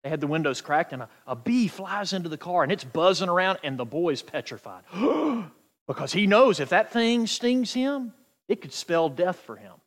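A male pastor delivers his sermon in a high, wildly lively voice. He swings from near-shouted declarations to hushed, quiet asides. The sound rings with the long reverb of a big hall. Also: moderate pace.

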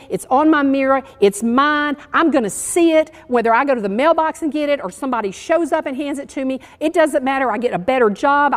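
An earnest, encouraging woman preaches to her congregation. Her voice sits fairly high and grows emotional. It carries a long reverb from the church hall. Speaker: church speaker. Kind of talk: sermon. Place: church sanctuary.

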